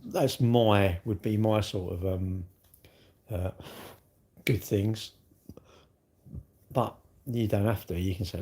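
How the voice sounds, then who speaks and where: A middle-aged man chats casually on a live stream, reading comments and answering them with blunt mockery. His low, warm voice is gravelly and husky, his intonation fairly even, and he talks at a normal speed while pausing often.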